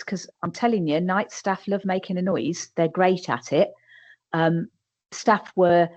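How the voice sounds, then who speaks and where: English care home manager, emphatic, stumbles over starts, a bit low, muffled call audio. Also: female voice, a little mellow. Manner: frank, emphatic, repeats words when starting sentences. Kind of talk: webinar panel talk.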